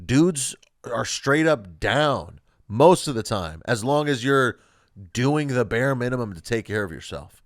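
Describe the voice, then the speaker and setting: A man's voice: medium pitch, lively intonation, a little slow, dry recording, studio quality. A man co-hosting a comedy podcast, brash and casual, cursing freely. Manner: brash, swears a lot. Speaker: podcast co-host.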